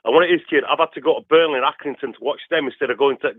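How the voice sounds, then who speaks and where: Fired-up yorkshire bloke in his 50s ranting down a tinny phone line, dry sound, pitched a bit high. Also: very fast, dry recording. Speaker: caller. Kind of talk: passionate phone-in rant.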